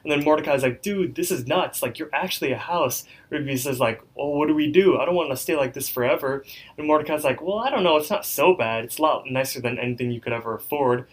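Talking fast in a voice on the high side, this young man co-hosts a podcast and casually runs through a cartoon episode, leaning heavily on fillers like "like" and "um."

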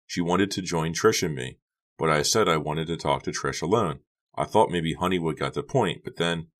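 A man voicing a high-strung, upset teenage girl who talks shrilly and anxiously in an audiobook. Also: normal speed. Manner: shrill and agitated. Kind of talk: audiobook character voice.

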